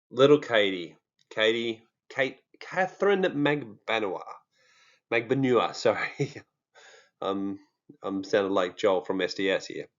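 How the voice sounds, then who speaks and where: A man's voice: lowish voice, fairly bright tone, lo-fi sound. A man with an Australian accent, talking casually and jokingly to his viewers, with many fillers. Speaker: true crime vlogger. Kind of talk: casual monologue to camera.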